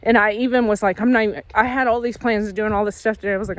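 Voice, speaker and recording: A woman's voice: medium pitch, steady tone, rapid-fire, no echo. A woman giving a casual, earnest faith and fitness pep talk while out on a walk. She repeats herself and corrects herself as she goes. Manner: earnest, repetitive, self-correcting; walking while talking. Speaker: faith vlogger.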